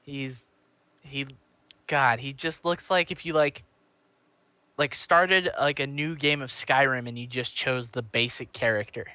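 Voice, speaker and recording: A man's voice: mid-range voice, steady tone, a little slow, sharp tone, clean tone, no room sound. A man co-hosting a podcast, chatting casually about a TV show, full of likes and ums. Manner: chatty, filler-heavy with lots of likes and ums. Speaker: podcast co-host.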